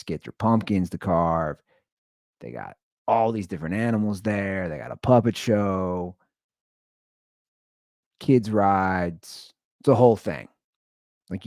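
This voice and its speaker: A man in his thirties hosts a casual monologue with a dry, close sound. His delivery is animated and swings widely in pitch. He tells stories bluntly and swears freely. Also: no room sound. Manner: animated storytelling, blunt and profane. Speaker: podcast host.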